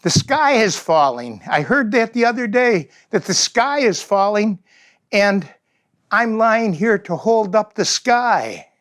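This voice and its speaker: Earnest little bird, put on by a man, raised pitch, slow sincere delivery. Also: very animated, fairly bright tone, heavily acted. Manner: earnest, explaining. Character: small earnest bird, male, stubbornly hopeful.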